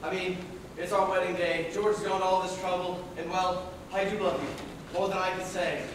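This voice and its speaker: A man's voice: high-pitched, fairly even intonation, moderate pace, noisy background, natural voice. A young man in a live school musical playing a sincere groom pleading with his bride. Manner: earnest, pleading. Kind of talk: live stage musical acting. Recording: echoey hall heard from far off.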